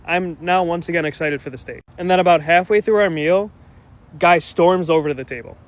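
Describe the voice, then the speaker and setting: A man's voice: a little high, fairly quick. A man casually telling a story about a bad date, quoting himself as he goes. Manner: rambling, quotes himself. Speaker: storyteller in clip.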